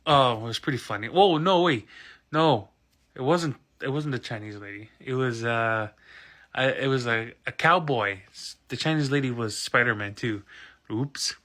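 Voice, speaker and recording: A man's voice: medium pitch, normal speed, fairly bright tone. A man in his thirties hosting a podcast, recapping a film in a casual, rambling way with restarts and self-corrections. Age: 30s. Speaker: podcast host.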